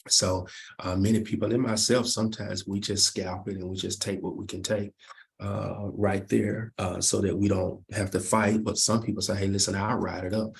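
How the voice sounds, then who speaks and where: A trading instructor leads a screen-share market recap lesson over his charts. He poses rhetorical questions and answers them himself. His voice is gravelly and fairly low, with a level tone and normal speed.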